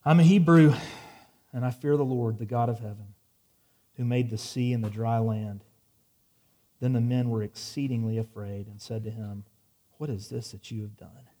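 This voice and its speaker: A man's voice: fairly low pitch, steady tone, moderate pace, warm tone. A man preaching a sermon, reading scripture dramatically and dropping wry asides. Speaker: pastor.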